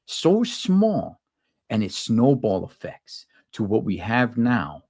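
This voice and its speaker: A man hosting a casual talk show, animated and repeating himself when worked up. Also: fairly low pitch, takes it slowly, no echo, clean studio sound. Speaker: podcast host. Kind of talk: casual opinion chat.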